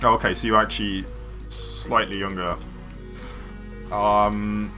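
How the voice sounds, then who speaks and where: A man's voice: fairly low pitch, level tone, takes it slowly, long pauses, sharp tone, soft background music. A man streaming a building game, chatting casually with viewers in a rambling way full of fillers. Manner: rambling, many fillers, chuckling to chat. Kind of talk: casual live-stream chat while playing.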